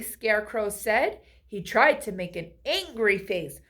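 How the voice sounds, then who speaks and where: A woman's voice: medium pitch, very animated, a little slow, a bit bright. A woman reading a children's picture book aloud, asking the listener friendly questions along the way. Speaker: storybook reader.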